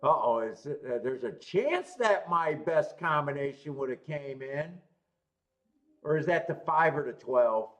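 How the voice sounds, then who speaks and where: A male host of a live horse racing show, thinking aloud about his bets as the races run. His voice sits a bit high and swings up and down with plenty of life. He talks loosely, with restarts and the odd curse. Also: lively intonation, measured pace, highs cut off. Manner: swears, restarts, talks to himself while watching races. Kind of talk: casual live-stream betting talk.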